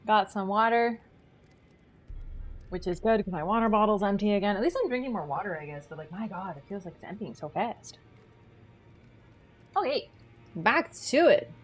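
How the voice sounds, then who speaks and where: A young adult woman chatting casually and teasing her chat while live-streaming a video game, thinking out loud with lots of fillers. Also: mid-range voice, lively intonation, moderate pace, pauses often, soft background music. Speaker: gaming streamer.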